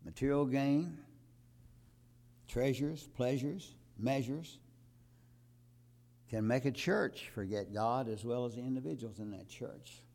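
An older man preaching a sermon to his congregation, building from calm talk to loud emphatic peaks and quoting scripture. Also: mid-range voice, slow, pauses often. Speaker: pastor.

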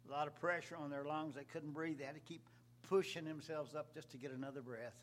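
Man preaching with sudden loud swells. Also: on the high side, steady tone, fast talker. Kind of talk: sermon.

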